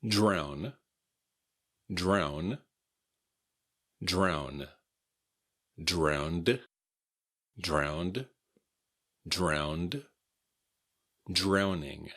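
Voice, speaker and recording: Deep, slow American pronunciation teacher. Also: male voice, a bit bright. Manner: repeats each word slowly and clearly. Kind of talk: slow, careful pronunciation lesson.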